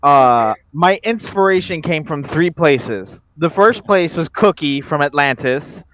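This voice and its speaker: A man's voice: on the high side, animated, measured pace, a bit bright, a little hiss or hum, rough recording. A man in a casual group call, telling a rambling anecdote about his voice acting. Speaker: voice actor.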